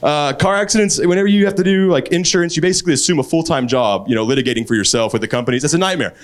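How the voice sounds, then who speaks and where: A man doing a stand-up set on a club stage, springing into loud acted quotes. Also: very fast. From Texas. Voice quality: animated, jumps high into acted quotes. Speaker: stand-up comedian. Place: comedy club stage, laughing crowd. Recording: live club with loud crowd laughter.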